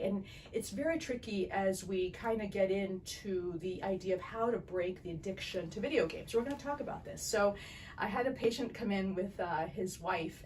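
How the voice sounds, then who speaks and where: A woman's voice: medium pitch, darkish tone, recorded from a distance, slight background noise, poor audio. Woman, eye doctor, podcast host, chatty, rambling, slightly off-mic. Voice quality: chatty, digressive, quick to laugh. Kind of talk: casual podcast interview.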